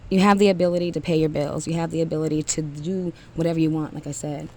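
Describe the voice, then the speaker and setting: A woman's voice: low voice, steady tone, fast talker, dark tone, a little hiss or hum. A woman giving a blunt, profane motivational rant to single mothers, emphatic and often trailing off with sighs.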